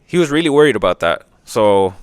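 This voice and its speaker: A man hosting a casual history podcast, opinionated and profane, briefly acting out quick voices. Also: lowish voice, big pitch swings, clear, resonant tone, no room sound, studio quality. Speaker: podcast host.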